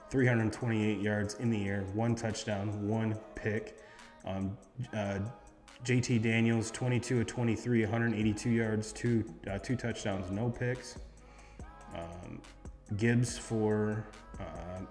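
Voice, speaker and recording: A man talks through a casual sports recap in a slightly low voice, stringing stats together with frequent ums and restarts. The room rings with a long reverb. Faint music plays underneath. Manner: rambling, reads off stats with many fillers. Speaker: sports podcast host.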